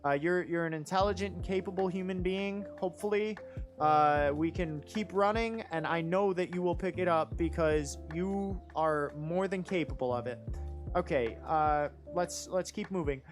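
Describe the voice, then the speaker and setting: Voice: mid-range voice, normal speed, faint music behind. A judge talking through written rap verses live, enthusiastic and rambling, with lots of fillers and restarts. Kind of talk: live commentary and critique.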